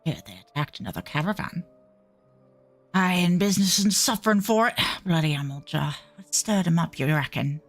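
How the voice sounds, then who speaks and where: A woman voicing a gruff, weary man from a game, speaking in a low, grim mutter. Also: expressive, normal speed, soft background music.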